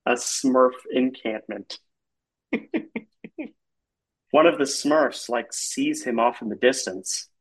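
A man's voice: mid-range voice, takes it slowly, long pauses, breathy edge, low-quality recording. A man improvising an absurd comic story, rambling and leaning on filler words. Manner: rambling, heavy use of filler "like".

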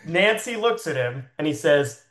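A man's voice: fairly high pitch, expressive, measured pace, a bit bright, reverberant. A man improvising a comic story in a rambling way, full of fillers. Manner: rambling with frequent "like" fillers and laughs.

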